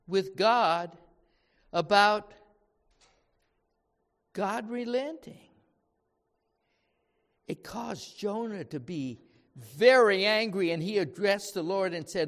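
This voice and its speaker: A male preacher with a high voice delivers his sermon at an unhurried pace. He speaks with emphasis, often turning rhetorical questions on his listeners, and a long hall reverb trails behind his words. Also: a bit bright.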